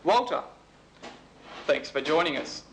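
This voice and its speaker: A man with an Australian accent hosting and interviewing a guest in a brisk, mock-serious way. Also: fairly high pitch, lively intonation, a bit bright, a little hiss or hum, low-quality recording. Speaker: host.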